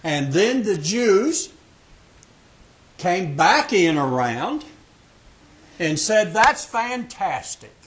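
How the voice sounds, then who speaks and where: A man's voice: high voice, very animated, very slow, long pauses. An older man in his sixties leading a Bible study class, joking and emphatic as he asks questions. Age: 60s. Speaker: Sabbath school teacher.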